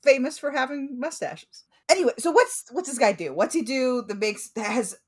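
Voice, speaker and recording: A woman's voice: high voice, normal speed, husky. A young woman co-hosting a podcast, joking around playfully in casual chat. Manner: playful, jokey. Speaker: podcast co-host.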